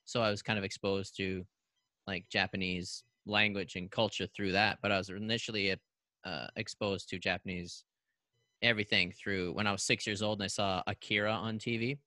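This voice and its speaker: A man from Canada in his thirties, a podcast guest telling stories in a casual, animated way and acting out the voices in them. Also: fairly low pitch, normal speed, no echo, clean studio sound. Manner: animated, acts out voices in anecdotes. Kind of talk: casual storytelling.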